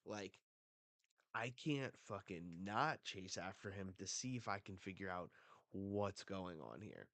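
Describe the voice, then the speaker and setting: A man with a low voice talks slowly through a live manga reading, dropping excited, swearing asides as he goes. The sound is dry and close-miked. His tone stays casual throughout. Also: dry recording. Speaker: manga reaction host.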